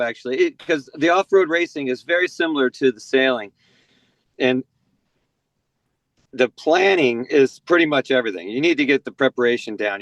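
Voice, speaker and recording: A man's voice: mid-range voice, no echo. An American man in his forties from San Diego, talking as a podcast guest in a loose, rambling way full of "you know" and restarts. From San Diego, USA. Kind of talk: casual podcast conversation.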